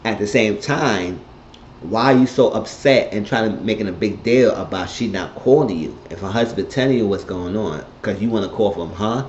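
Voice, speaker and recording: Low-voiced man giving a blunt recap. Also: normal speed, slight background noise. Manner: animated, blunt, profane storytelling. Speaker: TV episode reviewer. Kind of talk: casual recap monologue. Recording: echoey, dull lo-fi room sound.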